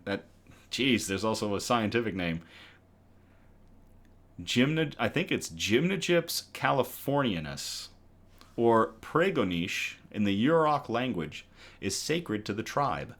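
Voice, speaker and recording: A man with a somewhat low voice hosts a casual online news show. He reads articles aloud in a conversational tone, with frequent ums and quick self-corrections along the way. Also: expressive. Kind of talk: casual news reading for a live chat.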